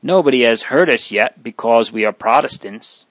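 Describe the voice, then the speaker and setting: A man's voice: medium pitch, moderate pace, a bit bright, no room sound, natural voice. A man reading a wistful, anxious young girl.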